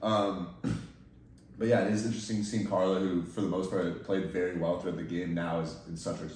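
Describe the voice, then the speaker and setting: A young man with a very low voice hosts a casual podcast chat, recounting events in a steady, detailed way. He sits some distance from the mic in a strongly echoing room, with faint noise behind him. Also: moderate pace. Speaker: podcast host. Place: indoor room, in person with guests.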